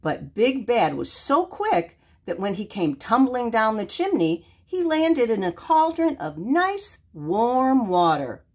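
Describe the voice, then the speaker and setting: An older woman reading a children's story aloud, expressive and animated. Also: a little high, slow, few pauses.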